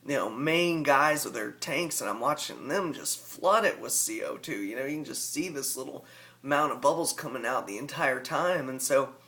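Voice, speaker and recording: A man's voice: medium pitch, animated, moderate pace, sharp tone. A man with a rural Southern US accent, talking casually and rambling in a folksy way as a hobby vlogger. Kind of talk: casual vlog talk.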